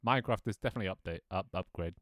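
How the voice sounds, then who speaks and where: Deep-voiced young man, rambling stream chat. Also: rapid-fire, a bit bright, no echo, studio quality. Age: 20s. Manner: rambling, self-mocking, laughs often, swears casually. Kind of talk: casual live-stream chat. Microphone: desk microphone.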